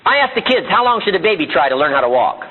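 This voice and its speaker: A middle-aged motivational speaker with a high, husky voice delivers a seminar speech to an audience, talking quickly and very animatedly. He fills it with rhetorical questions and acted-out quotes, and the archive audio sounds tinny, like a phone.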